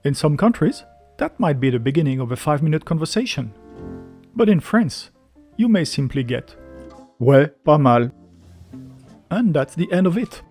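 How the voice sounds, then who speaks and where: Faint music plays behind a male travel-video host as he gives lively, explanatory scripted narration. His husky voice runs on the high side and a little fast.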